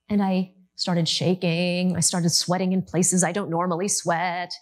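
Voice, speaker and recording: A woman in her thirties from the United States giving a talk to an audience, telling her story in a lively, animated way. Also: lowish voice, measured pace.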